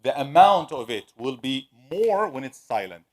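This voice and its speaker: A man teaching a classroom lesson, asking students questions and slowly repeating sounds to demonstrate pronunciation. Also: mid-range voice, big pitch swings. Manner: conversational, asks the class questions. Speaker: Quran recitation teacher.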